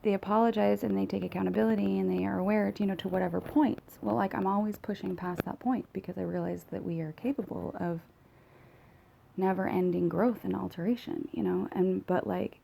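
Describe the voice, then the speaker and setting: Gravelly-voiced woman rambling candidly. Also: medium pitch, steady tone, brisk, mellow, a little hiss or hum, low-quality recording. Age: late 30s. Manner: rambling, profane, candid, self-mocking. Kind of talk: confessional vlog monologue. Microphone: phone.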